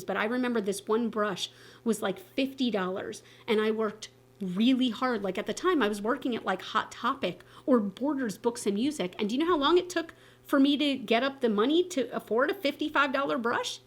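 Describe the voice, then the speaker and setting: A woman in her thirties, a beauty vlogger, chatting casually to camera, animated and full of filler words and playful asides. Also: fairly high pitch.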